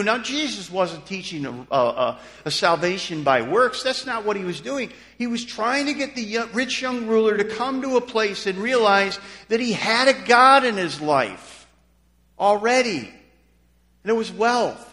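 High-voiced preaching man in a reverberant hall. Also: lively intonation, normal speed. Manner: emphatic preaching, voice dropping soft then rising loud. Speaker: pastor. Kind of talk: sermon.

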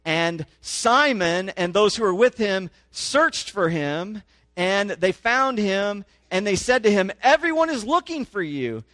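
A man with a slightly high voice preaches a conversational sermon, stopping often to check that his listeners follow. He reads scripture aloud with rising emphasis. The sound is close and dry. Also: very animated, a little slow, a bit bright, no room sound. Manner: conversational, checks in with "okay?", grows emphatic while reading. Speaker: pastor. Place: church in a small town.

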